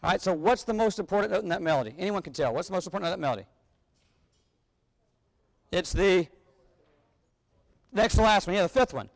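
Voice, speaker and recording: A man's voice: sits high, animated, fairly quick, gravelly, long pauses. A man leading a wind band rehearsal, energetically coaching the players and singing rhythms on syllables. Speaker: band clinician conducting a rehearsal. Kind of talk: rehearsal instruction. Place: large rehearsal hall with a band. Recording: long hall reverb.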